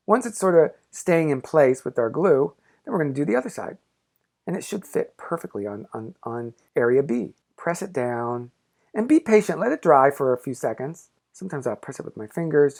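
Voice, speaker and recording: Lively, encouraging man teaching a craft. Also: mid-range voice, creaky. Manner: upbeat, encouraging, playful. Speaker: pop-up book artist teaching a craft. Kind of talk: craft tutorial.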